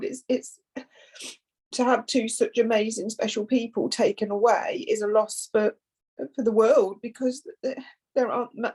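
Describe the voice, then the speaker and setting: A woman, a bereaved mother, speaking through tears in a halting, emotional conversation, often repeating words. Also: a little high, a little mellow, slightly rough, low-quality recording. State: tearful. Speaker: foundation founder, bereaved mother.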